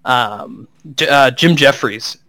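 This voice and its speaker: Smooth-voiced man, casual podcast chat. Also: mid-range voice, slow, sharp tone, dry recording.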